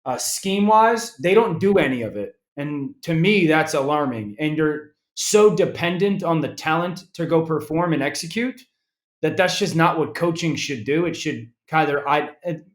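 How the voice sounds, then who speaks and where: Man, football analyst, animated, slightly high voice, echoey room. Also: normal speed. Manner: animated, restarts often. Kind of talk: casual interview talk.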